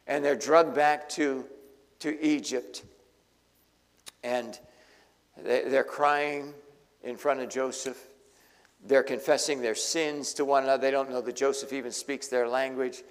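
A man preaching a sermon, retelling a story with lively acted-out voices. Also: medium pitch, unhurried, long pauses. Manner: animated storytelling, acting out voices. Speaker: pastor. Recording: long hall reverb.

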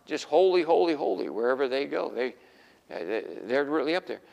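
Folksy preacher man with gravelly voice. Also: a little high, animated, brisk, a little mellow, big-room sound. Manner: folksy storytelling, acting out voices. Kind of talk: sermon.

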